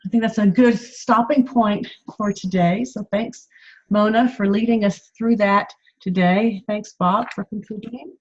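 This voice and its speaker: Husky female host on a dull lo-fi recording. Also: medium pitch, fairly even intonation, unhurried. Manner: warm affirming, brief encouragements.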